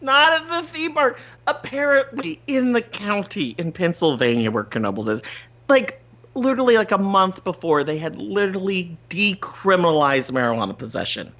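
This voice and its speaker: A podcast host telling a story in casual chat, animated, swearing freely and laughing often. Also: male voice, high voice, normal speed, lo-fi sound.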